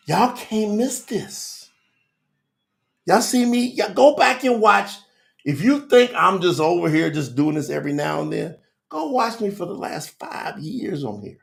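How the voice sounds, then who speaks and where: A middle-aged man teaches scripture to a live online audience. His voice sits high and carries a gravelly fry, and he moves between fervent shouts and hushed, intimate asides. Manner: fervent, preacherly, big swings from loud to hushed.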